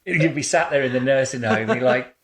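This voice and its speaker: A man hosting an interview as a boudoir photographer, chatting in a warm, rambling way in his photo studio, full of fillers and restarts. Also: mid-range voice, a little fast, crowd noise. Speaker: boudoir photographer and podcast host. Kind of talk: relaxed conversational interview.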